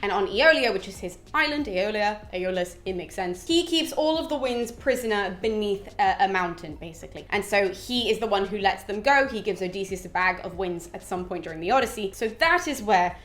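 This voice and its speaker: A woman casually retelling a classic epic in a chatty, animated way, full of asides. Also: medium pitch, a little fast, hardly any pauses. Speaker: literature explainer.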